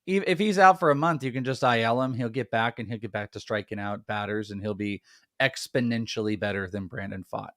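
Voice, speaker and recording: A man's voice: lowish voice, brisk, fairly bright tone, no room sound, clean studio sound. A man co-hosting a live fantasy baseball stream, making emphatic points and repeating his key lines. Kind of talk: casual live-stream chat.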